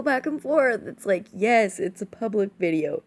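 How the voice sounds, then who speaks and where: A woman's voice: medium pitch, big pitch swings, normal speed, hardly any pauses, a little mellow. A tipsy woman vlogging in a casual, rambling way, giggling often between her words. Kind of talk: casual rambling chat to camera.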